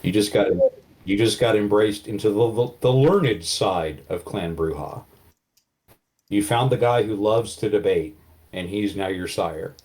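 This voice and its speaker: A man's voice: fairly low pitch, measured pace, darkish tone. A man narrating as game master, in vivid, casual storytelling with many fillers.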